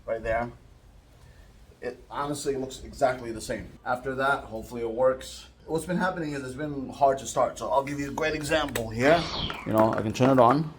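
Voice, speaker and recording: A man's voice: medium pitch, fairly quick, slight background noise. A man who grew up in the United States, talking casually as he walks through a scooter repair, rambling and correcting himself as he works. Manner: rambling, chatty, self-correcting. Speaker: DIY vlogger. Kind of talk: casual how-to vlog. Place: garage or yard, working on a scooter.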